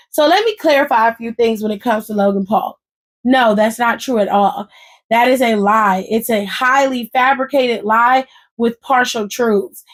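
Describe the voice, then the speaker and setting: A woman hosting a casual wrestling recap, telling it in an animated, profane, sassy way with frequent asides to her listeners. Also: a little high.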